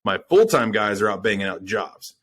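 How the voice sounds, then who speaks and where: A man's voice: on the low side, big pitch swings, normal speed, a bit bright, slight background noise. A man talking casually on a business podcast, rambling with fillers and swearing.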